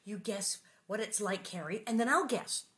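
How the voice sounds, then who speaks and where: A woman's voice: mid-range voice, moderate pace, a bit bright, close to an everyday voice. A woman voicing a brave, polite pioneer girl who speaks encouragingly, read from a storybook. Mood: hopeful.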